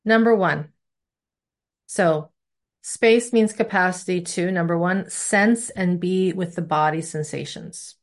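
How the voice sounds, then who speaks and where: Speaking slowly and conversationally, a woman teaches a body-awareness class as a somatic teacher. Her voice sits a bit low for a woman, and she illustrates her points with everyday examples in a relaxed manner.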